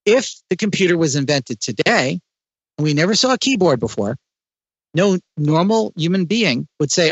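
A man speaking as an interview guest, explaining ideas in a lively way with frequent restarts. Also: a little high, normal speed, husky, dry recording, muffled recording. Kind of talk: conversational interview.

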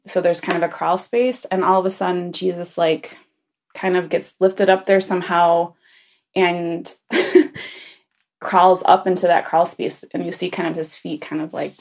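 A woman who is a parent leaves a rambling message for a podcast, telling a funny story with many ums and chuckles. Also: on the low side. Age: adult parent. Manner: rambling, full of ums and self-corrections. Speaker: listener leaving a message for a podcast. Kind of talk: casual anecdote.

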